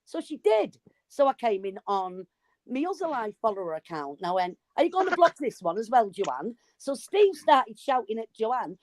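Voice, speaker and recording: A woman telling a story in casual chat, animated and swearing freely. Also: sits high, moderate pace, no echo. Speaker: live stream guest.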